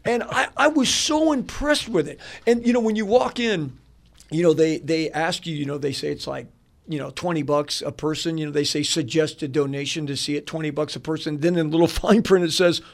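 A man, a pastor and radio guest, telling a story in a rambling, animated way with lots of fillers and quick laughs, in a radio studio. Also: a little high, vocal fry. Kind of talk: casual storytelling.

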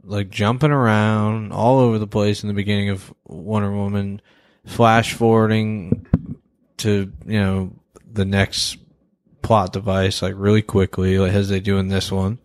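A man's voice: fairly low pitch, little pitch movement, a little slow, no room sound, studio quality. A man talking casually and bluntly on a movie podcast, rambling with lots of fillers and the odd swear word. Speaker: podcast co-host. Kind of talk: casual movie-review chat.

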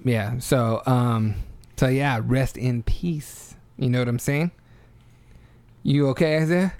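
A man's voice: mid-range voice, fairly even intonation, slow, a little mellow. A man hosting a podcast in casual chat, loose and profane, calling everyone bro and dude. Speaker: podcast host.

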